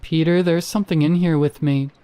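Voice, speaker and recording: A man voicing a trapped girl who turns out to be a mimicking creature, pleading and then eerily calm, with a raspy whisper. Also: a little high, a little fast, voice pushed up, natural voice. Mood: terrified pleading. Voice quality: raspy whisper in its eerie moments.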